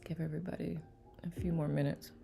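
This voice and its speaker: A woman hosting a live online study session, greeting viewers by name in a relaxed, chatty way with a calming voice. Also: low voice, fast talker, vocal fry, over music. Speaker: live-stream host of a letting-go study group. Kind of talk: casual livestream greeting chat.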